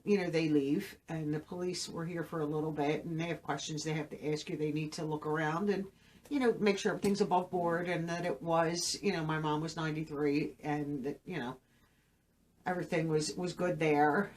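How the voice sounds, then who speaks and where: A middle-aged woman, the host of her own channel, telling a personal story to camera in a halting, emotional way, full of fillers. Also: low-pitched, steady tone, darkish tone, slight background noise. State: emotional, saddened.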